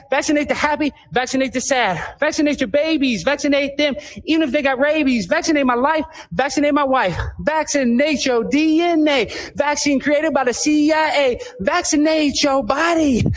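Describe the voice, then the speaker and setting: A man performing a satirical character who chants and shouts rhyming lines in a breathless, frantic way. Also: very high-pitched, pitched above the performer's own voice. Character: frantic man rant-singing a vaccine chant.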